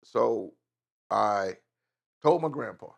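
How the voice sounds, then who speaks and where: A middle-aged man from Atlanta with a Southern accent, telling profane, animated stories as an interview guest. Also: lowish voice, slow pace, gravelly. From Atlanta, Georgia. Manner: animated storyteller, profane, drawling asides. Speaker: guest rapper. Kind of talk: casual storytelling interview.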